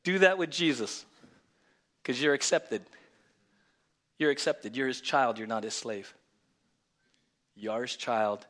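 A male pastor preaching a lively sermon, swinging from loud exclamations to hushed near-whispers and calling for congregation responses. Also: medium pitch, measured pace, pauses often. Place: church.

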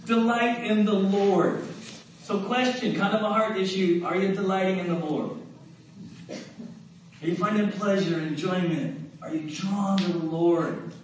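Pastor guy preaching, chatty, keeps asking the crowd stuff, slightly high voice, big echoey room. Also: fairly even intonation, measured pace. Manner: conversational, asks the crowd questions, repeats "right?". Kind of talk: sermon. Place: church sanctuary. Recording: very echoey hall, mic at a distance, faint noise.

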